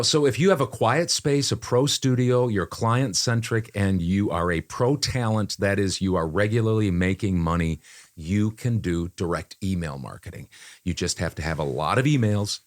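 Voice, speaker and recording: A man's voice: deep voice, moderate pace. A man co-hosting a casual podcast, speaking in an upbeat, emphatic way. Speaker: podcast co-host, voice-over artist.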